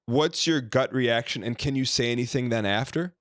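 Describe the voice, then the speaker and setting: Man with a smooth voice asking questions. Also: mid-range voice, moderate pace, a bit bright, no room sound, clean studio sound. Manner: probing questions, lots of fillers and restarts. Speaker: podcast host. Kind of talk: casual interview.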